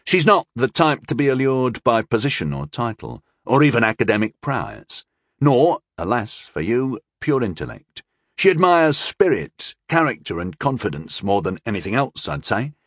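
A man's voice: medium pitch, big pitch swings, moderate pace, no echo, clean studio sound. Man playing a wry know-it-all young scholar. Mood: appraising.

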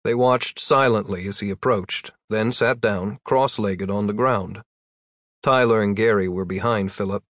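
Gravelly man narrating a story. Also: fairly low pitch, unhurried, a bit bright, no room sound, clean studio sound. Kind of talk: audiobook narration.

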